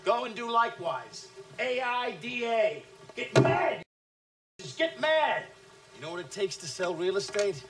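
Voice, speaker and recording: An actor playing a brash, abusive male sales trainer who taunts his listeners, shouting one moment and dropping to low menace the next. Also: lively intonation, normal speed, few pauses, noisy background. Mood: contemptuous. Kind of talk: film acting.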